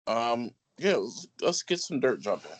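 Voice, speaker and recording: A man's voice: medium pitch, big pitch swings, measured pace. A man co-hosting a casual podcast, chiming in with short, laid-back remarks. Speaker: podcast co-host.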